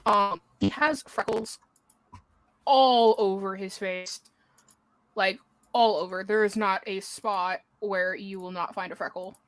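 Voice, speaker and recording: A woman's voice: medium pitch, steady tone, no echo, low-quality recording. A woman describing her tabletop game character at an easy pace, with fillers. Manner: unhurried, with fillers. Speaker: player.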